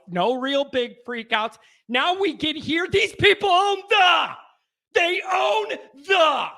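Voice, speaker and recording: A worked-up male sports radio host rants to his listeners, shouting in bursts and repeating himself. His voice sits very high and sounds bright and gravelly. He talks slowly. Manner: ranting, shouting in bursts, repetitive. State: worked up, sweating. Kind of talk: fired-up call-in rant.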